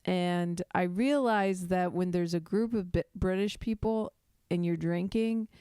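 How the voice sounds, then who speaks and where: A young woman hosts a loose comedy podcast, giggling and tripping over her own intros. Her voice sits a little low and comes through smooth and clear. The close mic gives a dry, intimate sound. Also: measured pace, mellow, no room sound. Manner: giggly, self-deprecating, rambling with restarts. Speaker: podcast host. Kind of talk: casual comedic podcast chat.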